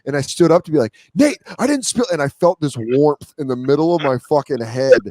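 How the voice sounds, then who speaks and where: Man telling lively stories, dry studio sound. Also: mid-range voice, a little fast, dry recording. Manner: animated storytelling, acts out quotes. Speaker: guest comedian. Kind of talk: casual chat.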